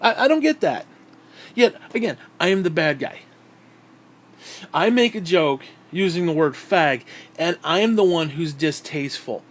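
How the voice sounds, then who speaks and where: A man's voice: on the high side, lively intonation, measured pace. A man vlogging in a heated, sarcastic rant, swearing constantly. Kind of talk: profane ranting monologue.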